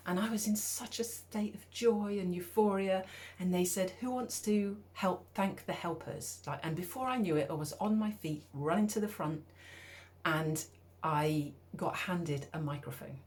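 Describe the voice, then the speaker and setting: A middle-aged woman from the UK telling a personal story in a lively, conversational way, acting out her own thoughts. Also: on the low side, unhurried. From United Kingdom. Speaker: speaker.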